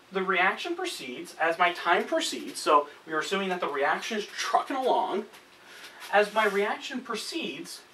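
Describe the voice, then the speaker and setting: A man's voice: high-pitched, bright, forceful tone. A male chemistry teacher giving a chatty lesson at a whiteboard, often correcting himself and checking in with "okay?". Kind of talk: recorded classroom lesson at a whiteboard. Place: classroom with whiteboard. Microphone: camera set up across the room. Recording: distant camera mic, faint room hiss.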